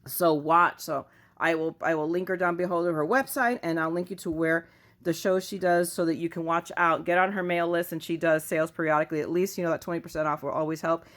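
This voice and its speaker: Woman, craft vlogger, casual haul chat, goofy, self-mocking, lowish pitch, at home. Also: steady tone, a little fast.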